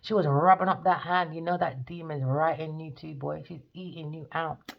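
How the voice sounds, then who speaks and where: A woman's voice: deep voice, fairly even intonation, normal speed, creaky. A woman giving a profane, scornful rant as a tarot reader. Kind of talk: ranting monologue. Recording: dull lo-fi recording.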